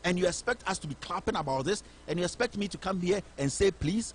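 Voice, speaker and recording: A man's voice: high voice, expressive, quick pace, breathy edge. A man with a Ghanaian English accent giving impassioned, indignant political commentary as a show host. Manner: indignant, rhetorical, fiery.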